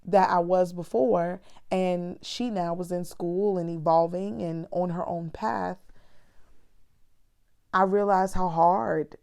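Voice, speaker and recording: Slow and fairly low with vocal fry, fairly even intonation and a little mellowness, this woman, a mother and vlogger, reflects earnestly and candidly to her viewers. She keeps it conversational, calling them "honey" and "girl."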